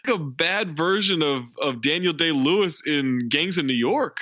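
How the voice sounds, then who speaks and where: A man's voice: on the high side, unhurried, no echo, dull audio. A man co-hosting a podcast, chatting casually about a film and laughing often. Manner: laughs often, animated banter. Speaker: podcast co-host. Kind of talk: casual film review chat.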